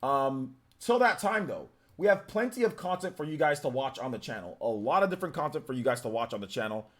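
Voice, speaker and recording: A man's voice: medium pitch, lively intonation, fast talker. A young adult man with a light Northern Californian accent, hosting a live stream and chatting casually through viewer comments with lots of fillers. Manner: rambling, filler-heavy, easygoing. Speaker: livestream host.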